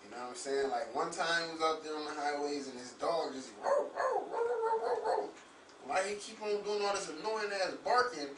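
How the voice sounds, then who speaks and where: A man's voice: a little high, brisk, few pauses, fairly bright tone. A man chatting casually, telling a faith story and laughing along. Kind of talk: casual spiritual talk. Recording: roomy echo, far from mic, faint noise.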